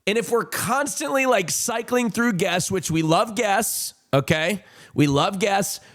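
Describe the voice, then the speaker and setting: A man's voice: high-pitched, expressive, measured pace, a bit bright. A man live-streaming, telling stories to his chat in a casual, profane way, repeating himself and checking in with his viewers. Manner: profane, repetitive storytelling addressing chat. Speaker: livestreamer.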